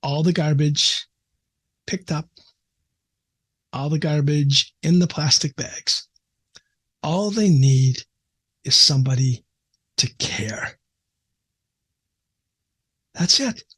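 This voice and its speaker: A man's voice: a little high, takes it slowly, pauses often, a bit bright, husky. A middle-aged man from the American Midwest, a psychiatrist guest, telling an earnest, emotional story in a casual interview with frequent restarts.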